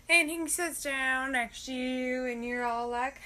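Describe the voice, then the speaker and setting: A young woman with a high, bright voice doing a comic monologue. She talks casually, swears freely and acts out her inner thoughts in quick asides. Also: fairly even intonation. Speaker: comedian.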